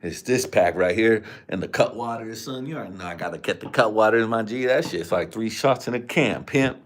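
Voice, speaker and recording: A man rambling through crude trash talk on a home livestream, his voice sitting at an ordinary pitch. He talks into a desk mic in a room at home, loose and unfiltered. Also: a little fast. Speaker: livestream host. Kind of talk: crude casual livestream chat. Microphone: desk microphone.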